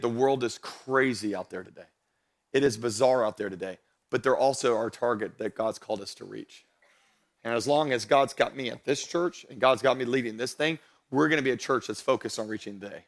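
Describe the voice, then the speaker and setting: A young adult man, a pastor, preaching a sermon to his church, building to loud emphatic passages and joking with the congregation. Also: medium pitch, creaky. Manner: jokes with the congregation. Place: church stage before a congregation.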